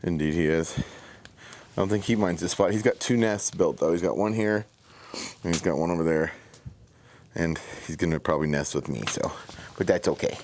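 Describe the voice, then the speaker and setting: Sitting by a campfire in the forest, the vlogger speaks to his audience in a low voice at a moderate pace, relaxed and chatty. Slight background noise can be heard.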